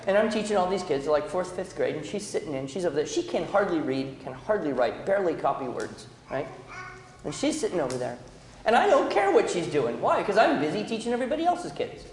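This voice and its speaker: A man giving a talk to an audience, animated and conversational, with frequent rhetorical questions. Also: high voice, a little fast, a little hiss or hum. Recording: echoey hall, room reverb.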